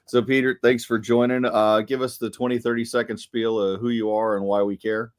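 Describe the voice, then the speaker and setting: A man's voice: medium pitch, little pitch movement, a little fast. A man hosting a podcast interview, asking long, chatty questions with many fillers. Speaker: podcast host.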